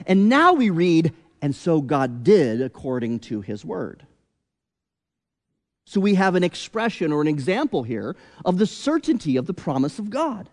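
A man preaching a sermon as pastor, deliberate and emphatic, with rhetorical questions. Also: high-pitched, very animated, a little mellow, in a large hall.

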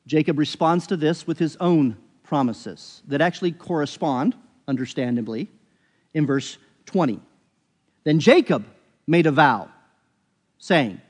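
A man's voice: fairly high pitch, lively intonation, measured pace. Earnest man preaching in a reverberant hall. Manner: earnest, explanatory, self-correcting. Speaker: pastor. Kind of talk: sermon.

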